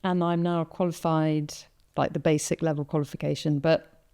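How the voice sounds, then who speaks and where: A woman hosts a podcast in a low, smooth voice. She tells personal stories in easy conversation, animating them by playing out her own inner thoughts. Her tone is mellow and relaxed. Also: normal speed. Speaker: podcast host. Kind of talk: casual conversation.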